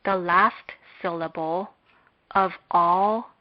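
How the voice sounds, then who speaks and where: A woman giving a slow, scripted lecture on Hebrew, speaking in a measured, deliberate way with long pauses. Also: lowish voice, steady tone. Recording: dull lo-fi recording.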